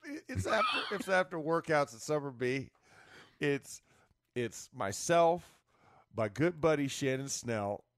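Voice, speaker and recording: A man chatting casually as co-host, telling lively stories and laughing often. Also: mid-range voice, no room sound, studio quality. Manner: animated storyteller, laughs often. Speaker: former football player, co-host. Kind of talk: casual sports chat.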